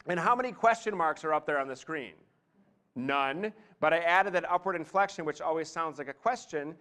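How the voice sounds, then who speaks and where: A man coaching an audience from a podium, his voice sitting a little higher than most men's. He talks in a lively, theatrical way and keeps breaking off into chatty asides. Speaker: presentation skills coach. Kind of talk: live talk to an audience. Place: meeting room, speaking from a podium.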